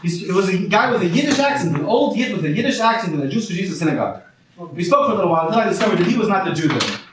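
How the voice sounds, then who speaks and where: A man's voice: high-pitched, very animated, racing. A man performing a rambling stand-up set, peppered with Hebrew and Yiddish words, before a live audience. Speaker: stand-up comedian. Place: small comedy venue with a live audience. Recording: echoey room from far off with a laughing crowd.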